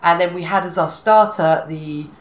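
A middle-aged British woman chatting casually as a podcast co-host, animated and self-deprecating, laughing often. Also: fairly low pitch, normal speed. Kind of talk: casual chat. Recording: roomy echo with faint music.

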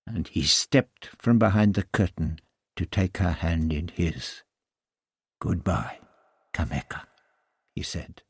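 Man reading an audiobook, slow and husky, pitch jumping all over the place. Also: no room sound, clean studio sound. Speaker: narrator. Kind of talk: audiobook narration.

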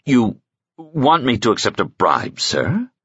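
A man's voice: medium pitch, huge pitch swings, slow pace, a bit bright, husky, no echo, dull audio, voice pushed up, full character voice. A man voicing a cautious, proper male consul who speaks politely and formally. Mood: offended.

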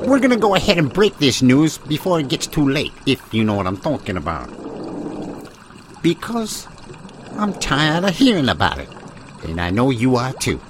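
A man's voice: medium pitch, noisy background. A man hosting a mock news broadcast in a hammy, rambling, folksy announcer manner. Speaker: comedy news host.

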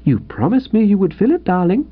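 A man voicing a doting yet peevish young wife who speaks in a high, cooing, plaintive way, in a dull lo-fi recording. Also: sing-song, a little fast.

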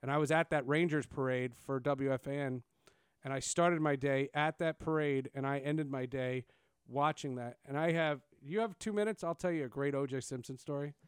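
A man's voice: mid-range voice, normal speed, clean tone, no echo, studio quality. A man, hosting a casual interview and telling stories with lots of fillers and restarts. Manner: animated storyteller, many fillers and restarts. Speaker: podcast host.

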